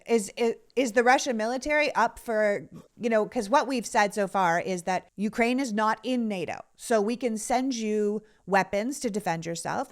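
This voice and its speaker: Casual, lively woman interviewer. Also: mid-range voice. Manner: casual, lively, uses playful analogies. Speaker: podcast host. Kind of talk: conversational interview.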